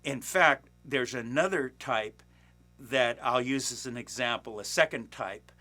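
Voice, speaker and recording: A man with a bright, forceful voice, middle-aged, chatting about his acting work. He rambles, restarts sentences and fills pauses with plenty of uhs and ums. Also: medium pitch. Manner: rambling, many fillers and restarts, chuckles. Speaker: working actor, podcast host. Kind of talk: casual storytelling monologue.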